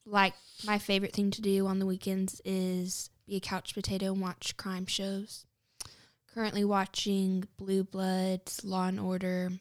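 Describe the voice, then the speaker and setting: A woman co-hosting a casual podcast, relaxed and easygoing. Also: medium pitch, a little slow. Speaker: podcast co-host.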